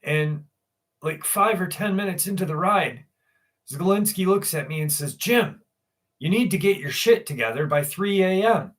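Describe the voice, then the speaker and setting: A confused, delirious old father, put on by a man tells his story in earnest. The voice sits noticeably higher than the speaker's own and drifts along in a rambling way. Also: normal speed, lightly acted.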